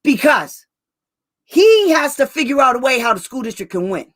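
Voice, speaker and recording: A woman advocate talking casually with a slightly high voice. She rants bluntly and with exasperation. She stretches out key words to drive a point home. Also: big pitch swings, normal speed. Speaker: special education advocate. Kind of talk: casual online talk.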